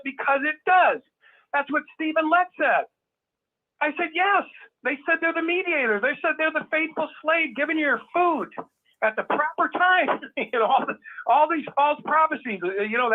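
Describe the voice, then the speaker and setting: A man on a phone-in talking emphatically, repeating his points and acting out the people he quotes. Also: extremely high pitch. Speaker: caller. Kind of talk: animated phone-in chat. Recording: tinny phone line.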